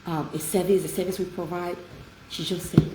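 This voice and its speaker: With a lowish voice and fairly even intonation, the host of an inspirational talk tells her stories quickly, warmly and emphatically. Her delivery is heartfelt throughout. Echo and light noise fill the room.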